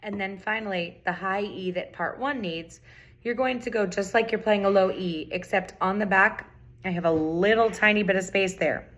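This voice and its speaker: A woman's voice: medium pitch, moderate pace, fairly bright tone. A middle-aged woman teaching a recorder lesson, patiently repeating key points and chanting rhythms aloud. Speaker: music teacher. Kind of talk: recorder tutorial.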